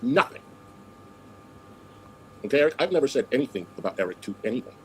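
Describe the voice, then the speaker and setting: A man's voice: mid-range voice, sing-song, a little fast, a little mellow, slight background noise, rough recording. A man hosting a livestream, talking in a sassy, scolding way and calling people girl and honey. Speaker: livestream host. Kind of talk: casual livestream chat.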